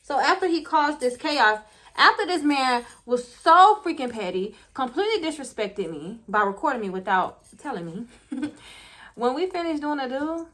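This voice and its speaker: A young woman telling a casual storytime while doing her makeup, animated and laughing often, talking straight to her viewers. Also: high voice, normal speed. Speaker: storyteller vlogger.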